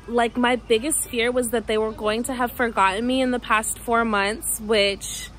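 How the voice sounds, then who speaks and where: High-voiced, gushing young woman vlogger. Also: normal speed, a little hiss or hum, low-quality recording. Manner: gushing, excitable, chatty. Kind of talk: casual vlog talk to camera. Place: parked car.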